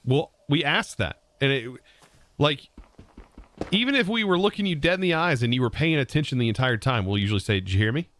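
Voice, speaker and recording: Speaking fairly quickly in a mid-range, expressive voice with a fairly bright tone, a man chats with viewers while streaming a modded building game. He rambles about words and addresses his chat between game tasks. The recording is dry.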